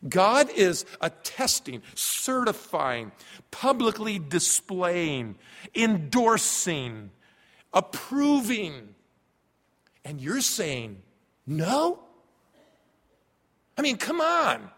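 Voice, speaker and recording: A man preaching a sermon as pastor, emphatic, dropping to a hush and then rising loud. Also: sits high, huge pitch swings, extremely slow. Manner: emphatic, swings from hushed to loud. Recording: long reverb of a large hall.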